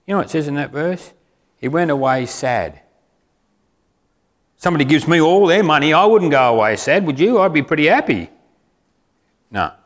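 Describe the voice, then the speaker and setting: A man's voice: on the high side, lively intonation, normal speed, long pauses. Conversational male preacher in a ringing hall. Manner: conversational, asks the congregation questions. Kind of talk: sermon. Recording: reverberant hall.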